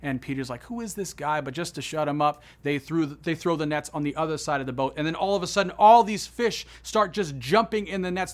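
A man preaching a sermon, retelling a story with swings between hushed, solemn passages and excited, rising ones. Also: fairly high pitch. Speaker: pastor.

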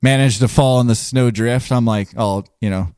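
A man's voice: medium pitch, moderate pace, a little mellow, clear, resonant tone, dry recording. Rambling storytelling man, dry close mic. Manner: rambling, laughing, lots of filler words. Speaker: guest storyteller. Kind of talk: casual podcast storytelling.

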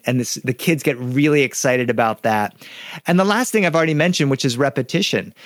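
A man, a professional storyteller, speaking in an animated, demonstrative way as an interview guest. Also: on the high side, no room sound, clean studio sound. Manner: animated, demonstrative, breaks into character voices. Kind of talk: conversational interview.

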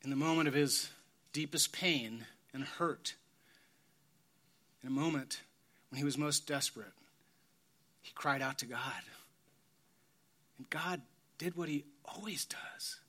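A middle-aged man preaching a sermon in a slow, heartfelt way, sometimes dropping to a whisper. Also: on the high side, pushed and bright. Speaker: pastor.

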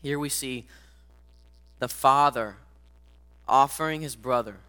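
A man's voice: mid-range voice, takes it slowly, pushed and bright, clear, resonant tone. A man preaching a sermon earnestly, speaking directly to his listeners as guys.

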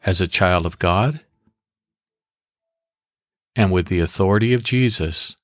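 Deep-voiced man leading calm guided prayer. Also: no echo, studio quality, soft background music. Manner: calm, measured, instructive pacing. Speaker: devotional podcast host. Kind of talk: guided prayer and scripture meditation.

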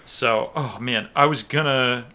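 A man's voice: mid-range voice, measured pace, sharp tone. A man co-hosting a casual music podcast, talking expressively and laughing a lot. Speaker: podcast co-host. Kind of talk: casual chat.

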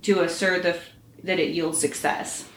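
A woman's voice: lowish voice, fairly even intonation, measured pace, a little hiss or hum. A woman voicing a dry, lecturing young wizard man who keeps his friend in line, in a roomy room.

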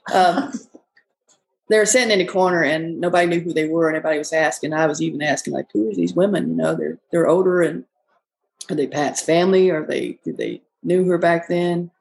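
Gravelly woman telling bar stories. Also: low-pitched, brisk, a little mellow, low-quality recording. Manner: rambling, folksy, quotes people often. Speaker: bar owner. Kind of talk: casual storytelling interview.

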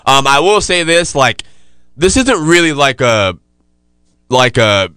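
A man hosts a casual podcast, his voice bright and forward. He talks loosely, full of slang and fillers, in a crisp, smooth tone. The sound is dry and close to the mic. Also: medium pitch, sing-song, slow pace, no room sound. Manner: laid-back, loose slangy delivery with many fillers. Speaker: podcast host.

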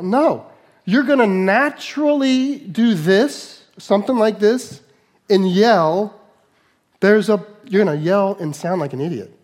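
A male pastor delivering a sermon with animated energy. He drops into quiet, conversational asides and then rises into emphatic, raised lines. His voice sits a little higher than most men's. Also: moderate pace.

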